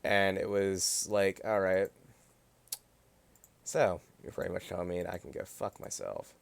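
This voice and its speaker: A man's voice: deep voice, little pitch movement, normal speed, creaky. A young man from Pennsylvania telling a personal story on a livestream in a rambling, profane, indignant way, with many fillers.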